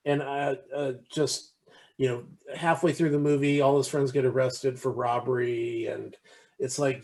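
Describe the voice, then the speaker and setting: A man's voice: mid-range voice, little pitch movement, unhurried, a little mellow. A man co-hosting a podcast, chatting casually with lots of restarts and fillers, acting out quoted lines while retelling a movie. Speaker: podcast co-host. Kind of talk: casual chat.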